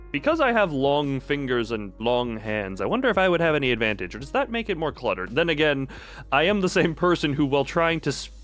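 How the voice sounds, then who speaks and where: A man's voice: a little high, a bit bright. Rambling young man streamer. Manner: rambling, self-interrupting, chatty. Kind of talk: casual late-night chat. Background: faint background music.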